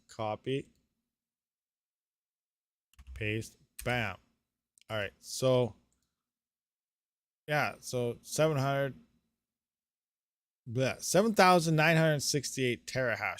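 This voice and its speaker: A man hosting a live stream, thinking aloud through calculations with excitable bursts and laughs. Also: medium pitch, no echo. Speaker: crypto mining streamer.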